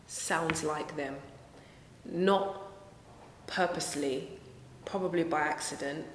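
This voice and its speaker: A woman's voice: sits low, a little hiss or hum. A woman singer, answering interview questions in a conversational way, often correcting herself. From England. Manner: conversational, self-correcting, lively tangents. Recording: echoey room with long reverb.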